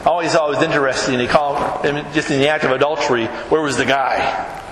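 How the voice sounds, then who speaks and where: A man preaching a sermon as pastor in a church, emphatic, climbing to near-shouts on key phrases. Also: a little high, fairly even intonation, fairly quick. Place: church sanctuary. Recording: echoey hall with background noise.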